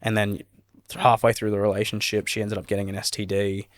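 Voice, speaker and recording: A man's voice: lowish voice, completely flat delivery, quick pace. A young man, a podcast guest, earnestly recounting a personal story in a rambling way, saying "like" often. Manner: earnest, rambling, heavy use of "like".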